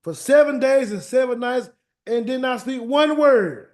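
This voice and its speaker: A man leading a weekly scripture word study and prayer, animated and colloquial, often repeating words as he searches for them. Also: extremely high pitch, a little slow. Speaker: Bible study teacher. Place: meeting room streamed live.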